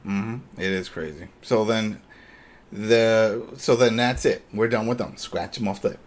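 Animated man recapping a show. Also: on the low side, a little slow. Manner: animated retelling, acts out characters' lines. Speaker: podcast co-host. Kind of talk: casual recap chat.

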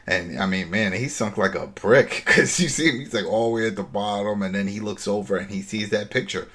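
A man hosting a casual chat, retelling a TV episode in an animated way and acting out the lines. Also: on the low side. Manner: animated storytelling, acting out scenes, quick laughs. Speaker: podcast host recapping a TV episode.

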